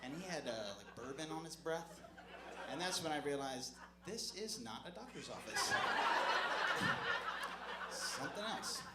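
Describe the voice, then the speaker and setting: A man performing a stand-up comedy set on a club stage, with an awkward, self-deprecating delivery full of halting restarts. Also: on the high side, lively intonation. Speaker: stand-up comic. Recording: echoey club room with crowd noise.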